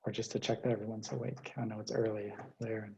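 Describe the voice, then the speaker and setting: A man's voice: on the low side, little pitch movement, quick pace, creaky, warm tone, highs cut off. A man giving a linguistics lecture, explaining step by step with frequent fillers over a remote call.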